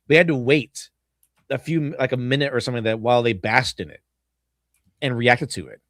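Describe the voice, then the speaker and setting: A man's voice: mid-range voice, no echo. Rambling, laughing man on a dry mic. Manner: rambling, laughs often, many restarts. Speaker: podcast host. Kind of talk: casual chat.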